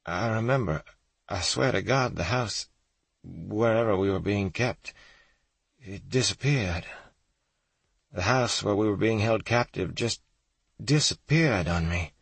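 A man reading the lines of a shaken young woman survivor recalling her captivity, in a low, gravelly, husky voice. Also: measured pace, pauses often, no echo, exaggerated voice. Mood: dazed.

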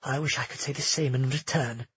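A man voicing a cold, guarded young woman, a former attendant, speaking coolly and quietly with a husky voice. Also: fairly high pitch, fairly even intonation, a little fast, dull audio. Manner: cool, quiet delivery.

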